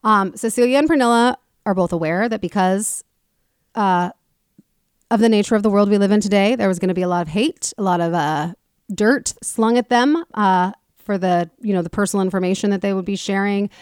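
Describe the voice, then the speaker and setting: A woman hosting a casual talk show, retelling a story in an animated way and acting out the people in it. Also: mid-range voice, a little fast, smooth, no echo, clean studio sound. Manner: animated retelling, acts out quoted people with swearing. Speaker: podcast host.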